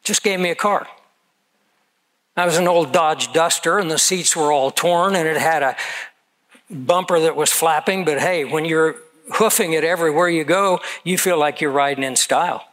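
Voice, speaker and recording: An older man in his seventies delivers a sermon, slipping easily into personal stories. His voice sits a little higher than most men's, and his delivery is earnest and conversational. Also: normal speed, a bit bright, poor audio. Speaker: pastor.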